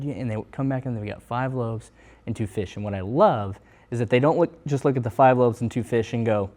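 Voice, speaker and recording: A man's voice: mid-range voice, lively intonation, fairly quick, darkish tone. A man telling a Bible story as a personal testimony, earnestly acting out the voices of the people in it. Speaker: missionary sharing testimony. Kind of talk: casual testimony.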